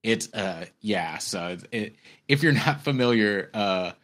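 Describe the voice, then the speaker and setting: A man co-hosting a podcast, chatting in an easygoing, halting way. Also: on the low side, animated, a bit bright. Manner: easygoing, halting, many fillers. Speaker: podcast co-host. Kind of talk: casual chat.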